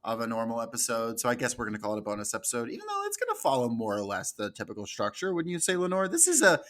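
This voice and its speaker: A man's voice: mid-range voice, sing-song, rapid-fire, a bit bright. A man hosting a podcast in casual chat, joking and laughing at his own jokes. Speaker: podcast host.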